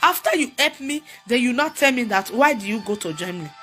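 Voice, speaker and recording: A woman's voice: a little high, lively intonation, a little fast. A young Nigerian woman with a Nigerian accent, crying as she makes a repetitive, pleading appeal for help. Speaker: vlogger. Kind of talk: emotional plea to camera. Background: music.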